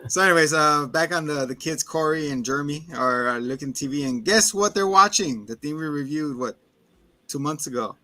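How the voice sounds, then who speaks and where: A man hosting a casual movie review chat, retelling scenes with animated energy. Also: a little high, fairly quick. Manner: animated storyteller, acts out scenes in voices. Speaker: podcast host.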